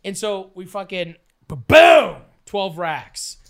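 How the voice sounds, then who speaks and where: A man spins a rowdy, profanity-laced story in a casual chat. His tone is bright and forward, and he acts out each quote as he goes. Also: sits high, expressive, moderate pace. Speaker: storyteller guest. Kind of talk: casual storytelling while playing cards.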